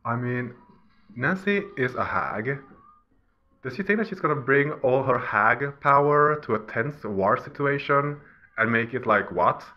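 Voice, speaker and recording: A man's voice: medium pitch, lively intonation, unhurried, lo-fi sound. A man giving a casual, mocking rant as he browses online, often laughing at his own jabs. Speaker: vlogger. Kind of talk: casual ranting commentary while browsing.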